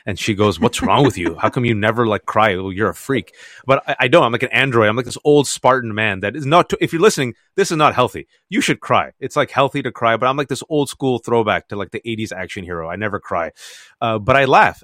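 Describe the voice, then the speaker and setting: Animated storytelling man, dry close mic. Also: fairly low pitch, no room sound. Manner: animated storyteller, laughs often. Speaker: author and guest. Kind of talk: radio interview.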